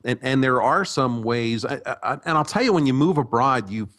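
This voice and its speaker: An American man in his sixties, a guest telling relaxed stories with frequent restarts in a conversational interview. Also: mid-range voice, normal speed. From United States. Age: 60s. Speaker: guest, retirement abroad expert.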